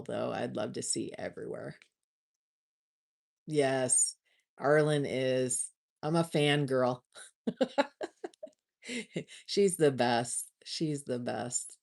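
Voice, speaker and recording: A woman with a low voice hosts a casual livestream chat. She talks slowly and gushes, often starting a word twice before going on. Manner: chatty, gushing, restarts often. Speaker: livestream host.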